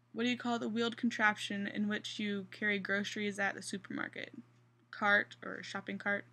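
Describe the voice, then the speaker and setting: A young woman vlogger from Central Kansas, USA, chats casually through an accent challenge, rambling with restarts and fillers. Her mid-range voice is bright and forceful.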